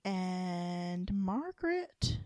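A woman's voice: drawn-out words, no room sound. A woman co-hosting a podcast in casual chat, chatty and laughing easily. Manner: chatty, laughs often, lively pitch swings. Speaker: podcast co-host.

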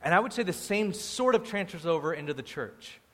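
A man preaching a sermon as the pastor, animated, acting out quoted voices, moving between loud bursts and quiet asides. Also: sits high, brisk. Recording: long hall reverb.

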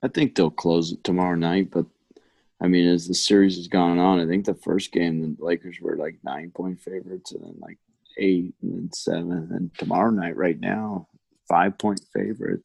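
Deep, gravelly middle-aged man. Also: little pitch movement, normal speed, darkish tone, no room sound. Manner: dry, joking asides. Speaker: podcast co-host. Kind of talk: casual sports podcast chat.

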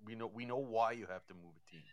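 Male hockey analyst: low, smooth, dry-miked, thinks out loud with lots of restarts. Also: fast, dry recording. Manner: thinks aloud, repeats words. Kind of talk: casual sports talk.

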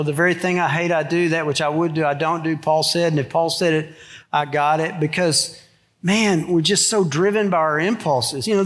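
A man's voice: fairly high pitch, fairly bright tone. A middle-aged man preaching a sermon in a church, conversational, with joking asides to the congregation. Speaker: pastor. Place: church sanctuary.

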